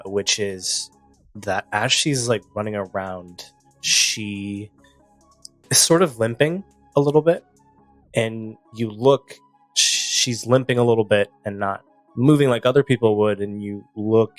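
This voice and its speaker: Low, easygoing male game master. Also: no room sound. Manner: loose, filler-heavy narration. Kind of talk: narrating a tabletop game.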